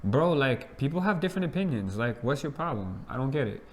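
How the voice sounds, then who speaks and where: A man's voice: mid-range voice, very animated, brisk. Joking, blunt male co-host. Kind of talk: casual reaction chat.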